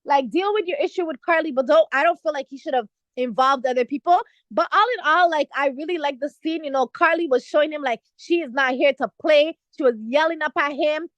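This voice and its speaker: A woman's voice: sits high, fairly quick, few pauses, no room sound, lo-fi sound. A young woman hosting a podcast, chatting casually and animatedly about a reality show, full of "like" and "you know" fillers. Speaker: podcast host.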